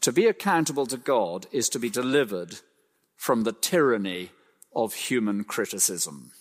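Male preacher, emphatic sermon delivery, slow stressed phrases, long echo of a church hall. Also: mid-range voice, expressive. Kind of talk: expository sermon.

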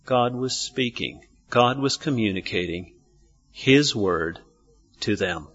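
A man's voice: medium pitch, animated, takes it slowly, fairly bright tone, breathy edge, muffled recording, faint music behind. A man preaching a sermon, asking his listeners questions and answering them himself. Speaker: pastor.

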